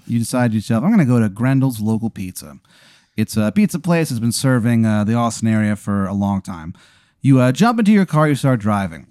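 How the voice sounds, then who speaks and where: Podcast guy telling a ridiculous made-up story, pitch bouncing all over, dry close mic. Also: fairly quick, smooth, no echo. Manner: animated, deadpan absurd narration. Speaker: podcast host. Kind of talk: improvised storytelling.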